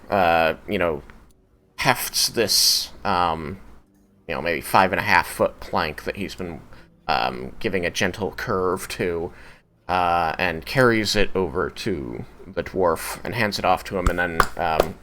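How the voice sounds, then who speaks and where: A man narrating as game master of a tabletop game, unhurried and hesitant with many fillers. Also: low voice, fairly bright tone, slight background noise.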